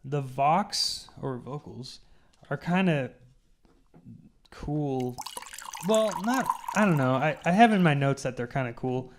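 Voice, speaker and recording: A man's voice: mid-range voice, lively intonation, takes it slowly, noisy background. A young man co-hosting an album review show, blunt and wry, often restarting his sentences. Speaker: album review podcast co-host. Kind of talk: casual chat.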